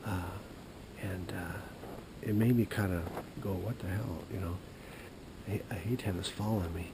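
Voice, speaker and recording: A man hosting an outdoor show, telling a rambling story to the camera beside a creek. He drops to a whisper at times and grows loud and animated while retelling a phone call. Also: low-pitched, normal speed, background noise.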